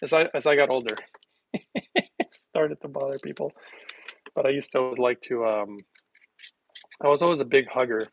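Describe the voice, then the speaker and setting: A man's voice: mid-range voice, fairly even intonation, moderate pace, gravelly, long pauses, low-quality recording. Middle-aged guy just rambling to his viewers, chuckles a lot, medium voice, bit of faint hiss behind. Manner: rambling, chuckles often, self-deprecating. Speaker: vlogger. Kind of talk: casual chat to viewers.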